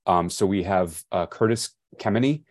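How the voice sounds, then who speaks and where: A man's voice: sits low, normal speed, dry recording, clean studio sound. A man on the commission staff giving a casual report at a public hearing, with short, plain confirmations.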